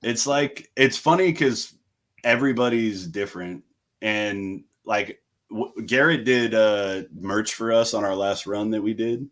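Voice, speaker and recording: A man's voice: fairly low pitch, a little slow, fairly bright tone. A young man from the United States, a metal band frontman, telling stories in a casual, laid-back way, swearing freely and acting out what others said. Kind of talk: casual storytelling chat.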